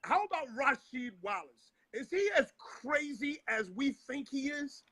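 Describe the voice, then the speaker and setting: Casting note: male talk-show host, very high voice, lots of lilt. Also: animated, a little slow, sharp tone, dry recording. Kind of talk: casual interview.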